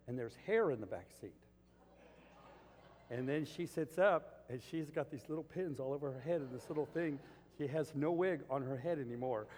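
A man's voice: mid-range voice, darkish tone. A male pastor preaching a sermon, telling a story and building to emphatic peaks. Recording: long reverb of a large hall.

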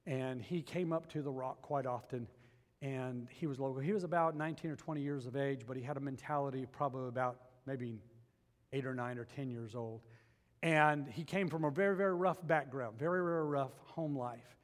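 A man's voice: medium pitch, fairly quick, big-room sound. A pastor preaching a sermon and telling a personal story with animation, acting out his own past thoughts.

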